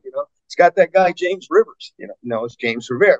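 An animated male metal singer tells stories in an interview, acting out other people's voices and laughing often. The sound is dry and close, with a slightly dull, lo-fi tone. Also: mid-range voice, normal speed, no room sound. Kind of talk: casual interview chat.

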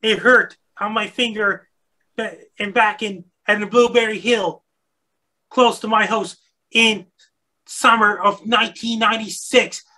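Guy in his thirties from canada, bright voice, keeps repeating the dates. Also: sits high, steady tone, measured pace, low-quality recording. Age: 30s. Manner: repetitive, plainly stated dates and facts. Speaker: weather commentator.

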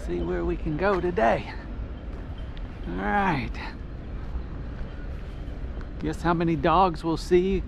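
A man giving a relaxed running commentary while walking outdoors through neighborhood streets, recorded on a handheld phone. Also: a little high, vocal fry. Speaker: walking vlogger. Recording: dull outdoor phone audio with street noise.

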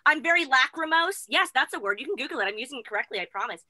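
Fast, bright-voiced woman co-host. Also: high voice, lively intonation, no room sound. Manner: bubbly, chatty, quick to tears. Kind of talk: casual chat.

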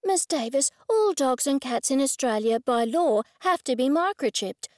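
A woman's voice: sits high, lively intonation, normal speed, darkish tone, no echo, clean studio sound, voice pushed up. A woman voicing a polite clinic receptionist. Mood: helpful. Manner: polite, helpful.

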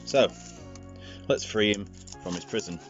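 Male toy reviewer, lowish voice, casual and rambling. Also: a little slow, dull audio, soft background music. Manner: chatty and rambling, jokey asides.

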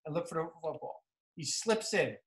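High-voiced New Jersey football coach. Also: male voice, normal speed. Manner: energetic, repetitive coaching talk. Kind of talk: clinic talk narrating game film. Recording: roomy echo.

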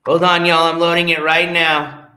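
In this low-quality, echoey recording, a livestream host speaks in a slightly high, level, sharp voice at a normal speed. He mocks a rival and thanks viewers for donations while loading clips, then mutters as he fiddles with files.

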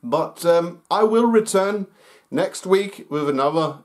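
A man hosting his own movie review show, talking in a casual, unscripted way with many pauses, fillers and restarts. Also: high voice, lively intonation.

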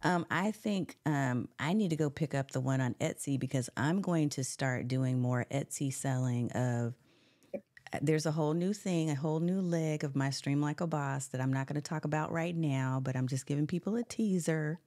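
A woman's voice: low-pitched, normal speed, darkish tone. A woman hosting a live-stream interview, upbeat and laughing often as she reads viewer comments aloud. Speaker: host.

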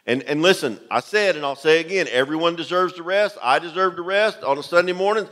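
A man's voice: a little high, brisk, fairly bright tone. A man preaching a sermon as pastor to his congregation, emphatic and direct, repeating key phrases. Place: church sanctuary. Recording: long hall reverb from a church.

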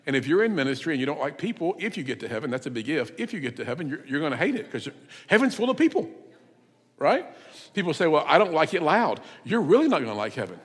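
A man preaching a sermon as a visiting speaker, telling stories and rising to loud, emphatic shouts. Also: medium pitch, husky. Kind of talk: sermon with storytelling. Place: church sanctuary. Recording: long church reverb.

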